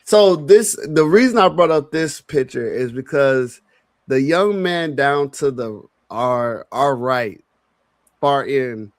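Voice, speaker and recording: A man hosts a podcast at an unhurried pace, his pitch moving a lot as he asks questions. His sound is close and dry. He laughs along easily with his guest. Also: no room sound. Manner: slow, laid-back questioner who laughs along. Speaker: podcast host. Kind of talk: casual interview.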